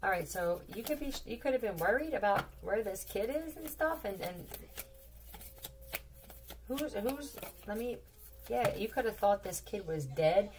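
A woman's voice: mid-range voice, animated, measured pace, far from the mic, slight background noise. A woman giving a casual tarot reading, rambling and blunt, swearing freely, repeating words and firing off questions. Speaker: tarot reader.

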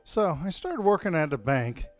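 A man teaching a live-streamed tai chi class at home, calmly calling out movements and telling deadpan puns to an audience he can't hear. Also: on the high side, moderate pace, soft background music. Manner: calm cueing of movements mixed with deadpan puns.

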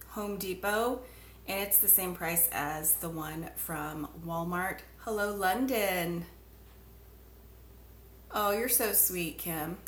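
A woman talks slowly and easily through a live home craft session, stopping to greet viewers by name as she works. Her voice carries a clear room echo, with a faint hiss underneath. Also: mid-range voice, fairly bright tone. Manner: chatty, greets viewers by name mid-demonstration. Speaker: craft livestream host. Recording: echoey room.

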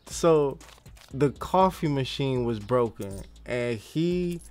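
A man running a gaming channel rambles through a profane story while playing, chatting casually. His voice is medium-pitched, expressive, and darkish, and he speaks slowly.

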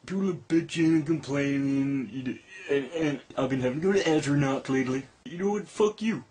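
A man voicing a slow, mock-grand fake documentary narrator who swears. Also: medium pitch, a little mellow, slight background noise, lightly acted. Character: deadpan fake-documentary narrator impression, male.

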